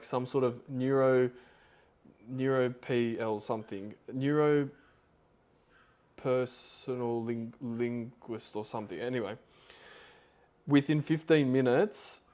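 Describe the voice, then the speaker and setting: A man's voice: medium pitch, darkish tone. A man hosting a podcast, retelling a story in a loose, rambling way with lots of fillers. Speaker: podcast host.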